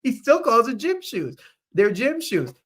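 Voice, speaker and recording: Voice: medium pitch, wildly swooping pitch, unhurried. A host from New Jersey with a New Jersey accent, chatting casually and reading viewer comments aloud.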